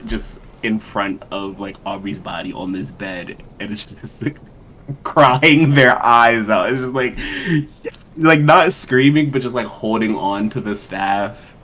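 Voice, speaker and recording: A man playing in a tabletop role-playing game, talking in a casual, drawn-out way and laughing easily. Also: fairly low pitch, fairly bright tone, poor audio. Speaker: player.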